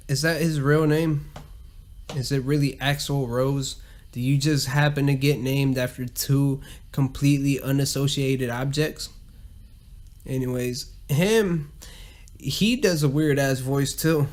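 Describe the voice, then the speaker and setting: A man's voice: mid-range voice, steady tone, measured pace, darkish tone. A man hosting a casual solo podcast, rambling and cursing a lot and laughing at his own jokes. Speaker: podcast host.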